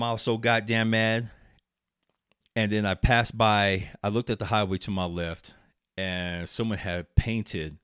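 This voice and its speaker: A man's voice: low voice, a bit bright, no echo, studio quality. A middle-aged man from Arizona hosting his vlog, telling a casual story with free swearing, frequent laughs and many restarts. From Arizona, USA. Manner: chatty, swears freely, laughs often, restarts sentences. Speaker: vlog host.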